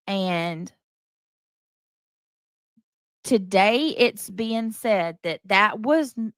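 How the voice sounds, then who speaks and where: A woman's voice: mid-range voice, a bit bright, no echo. A woman hosting a casual live stream, defensive and exasperated, repeating herself and restarting sentences as she answers her chat.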